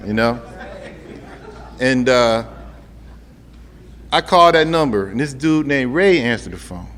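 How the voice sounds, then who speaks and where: A man's voice: medium pitch, lively intonation, unhurried, long pauses, fairly bright tone. Middle-aged man telling his story in a reverberant hall. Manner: conversational, humorous, addresses the crowd directly. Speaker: speaker sharing a recovery story. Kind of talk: storytelling talk to an audience. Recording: long hall reverb, faint ambient noise.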